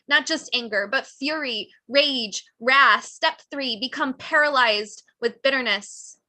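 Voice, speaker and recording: A woman author giving a live reading of her own memoir at a cafe event, with raw, intense emotion and shifting pace and loudness. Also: on the high side, dry recording.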